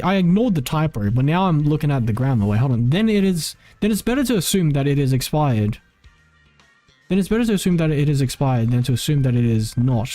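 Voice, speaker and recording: A man's voice: a little high, a little mellow. A man streaming and chatting casually, rambling with lots of "like" and frequent self-corrections. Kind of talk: casual live-stream chat.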